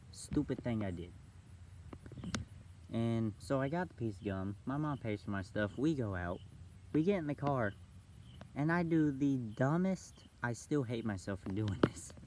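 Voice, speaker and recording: A young man vlogging, telling a story casually and acting out the other people's voices with big jumps in pitch. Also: a little mellow, a little hiss or hum, poor audio. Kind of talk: storytelling vlog.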